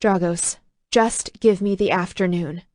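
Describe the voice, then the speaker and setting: A woman voicing a distraught, sharp-tongued young woman who snaps when upset. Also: lowish voice, steady tone, unhurried, no room sound, studio quality, close to an everyday voice. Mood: pleading. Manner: upset, snapping.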